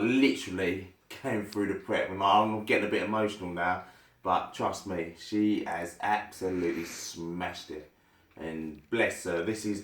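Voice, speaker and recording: A man talking in a casual, excitable and heartfelt thank-you vlog as a bodybuilder. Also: lowish voice, a little hiss or hum. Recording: roomy echo.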